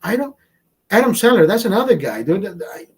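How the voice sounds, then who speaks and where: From a California home setup, a livestream host chats with his viewers, rambling and cursing nonstop. His voice is high-pitched, very animated, slightly rough, and a bit fast.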